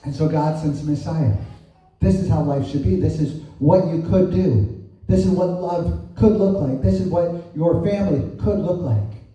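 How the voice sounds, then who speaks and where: The pastor's voice is fairly high and dark in tone, delivered at a measured pace. He preaches conversationally, leaning on rhetorical questions and frequently adding "right?" Echoey, distant room sound surrounds the recording.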